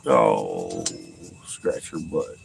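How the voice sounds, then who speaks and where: Slow, lively man coaxing his dogs. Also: vocal fry, a little hiss or hum, low-quality recording. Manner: swears freely, slips into high coaxing pet talk. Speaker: streamer talking to his dogs. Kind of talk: casual talk to pets. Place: at home with dogs.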